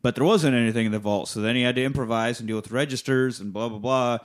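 A man on a relaxed podcast retells a movie scene by scene, swearing freely and keeping it lively. His voice sits in an ordinary middle range. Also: medium pitch, quick pace. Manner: profane, animated storytelling. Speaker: podcast host. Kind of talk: casual chat.

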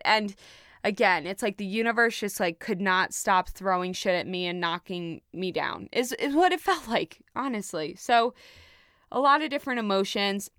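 Smooth-voiced young woman, candid storyteller. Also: medium pitch, normal speed, bright, forceful tone, no echo, studio quality. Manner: emotional, frank, casual swearing. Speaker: podcast host.

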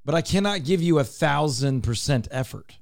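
A man's voice: fairly high pitch, animated, normal speed, vocal fry, dry recording, studio quality. A man hosting a talk radio show, explaining his points emphatically and repeating them for clarity. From Texas. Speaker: radio show host, real estate broker.

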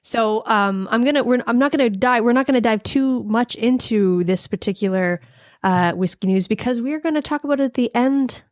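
A Canadian woman co-hosting a podcast, chatty and quick to laugh, often trailing off and restarting. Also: a little high, dry recording, studio quality. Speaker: podcast co-host. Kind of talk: casual chat. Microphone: remote call microphone.

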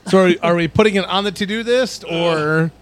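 A man's voice: sits high, moderate pace, slight background noise. A man in casual podcast banter, ribbing the others with teasing questions.

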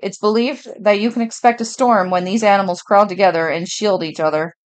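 A woman's voice: medium pitch, fairly even intonation, brisk. A woman co-hosting a casual podcast, reading out facts in a mock newscaster manner. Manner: reads listed facts, mock newscaster delivery. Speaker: podcast co-host.

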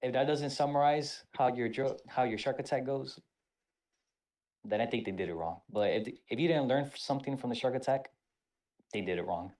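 A man co-hosting a podcast, telling an animated, profane story in casual talk. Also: mid-range voice, normal speed. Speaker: podcast co-host.

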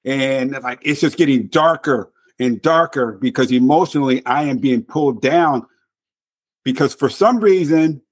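Man guest on a podcast, telling his own story, emotional, repeats himself for emphasis, mid pitch. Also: moderate pace. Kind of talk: recounting a personal story.

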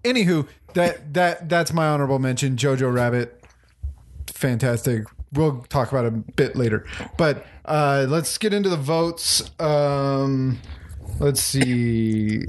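A man hosting a casual podcast chat, relaxed and hesitant, with many fillers as he runs the list. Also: medium pitch, a little slow. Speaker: podcast host.

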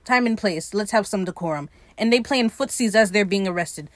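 A woman's voice: mid-range voice, fairly quick, no echo. A woman hosting a podcast, giving a casual, sarcastic and profane recap of a TV episode and acting out bits of dialogue as she goes. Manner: sarcastic, profane running commentary; acts out quoted dialogue while retelling. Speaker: podcast host recapping a TV series.

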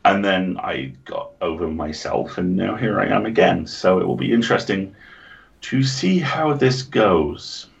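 An English man with a lowish voice chats casually as a podcast co-host. He tells stories with animation and swears freely. The recording sounds dull and lo-fi. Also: animated, measured pace, vocal fry. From England. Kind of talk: casual chat.

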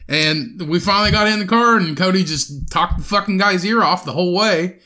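Podcast co-host, young man, high and bright, profane and animated storyteller. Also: fairly quick. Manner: profane, animated retelling with quoted voices. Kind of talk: casual storytelling chat.

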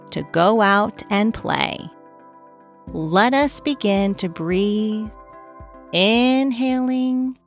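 Slow, gentle woman reading to kids. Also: medium pitch. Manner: gentle, asks the listening child questions. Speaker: storyteller for young children. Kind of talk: children's story read-aloud.

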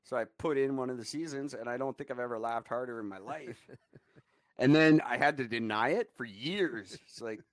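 A man's voice: mid-range voice, moderate pace, no echo. A man co-hosting a podcast, telling rambling, profane stories between bursts of laughter. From Canada. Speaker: podcast co-host. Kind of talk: casual chat.

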